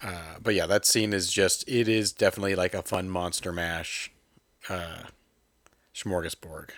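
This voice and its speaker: A man with a fairly low voice, chatting loosely about films as a podcast co-host. He rambles and gets animated, slipping into quick acted voices. The sound is close and dry, with no room around it. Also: no echo. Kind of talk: casual film chat.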